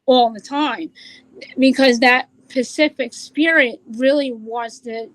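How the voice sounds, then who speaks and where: A woman's voice: sits high, steady tone, takes it slowly, dry recording, rough recording. A woman who works as a psychic medium, talking earnestly in an interview and explaining at length with restarts. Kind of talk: casual interview talk.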